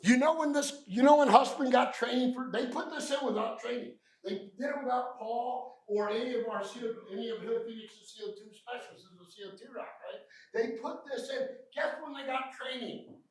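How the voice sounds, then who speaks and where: A man with a Southern American accent running a lively training session, joking and quizzing his audience. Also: very high voice, fairly quick. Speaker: refrigeration trainer. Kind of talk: lively live training talk. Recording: echoey room, mic at a distance.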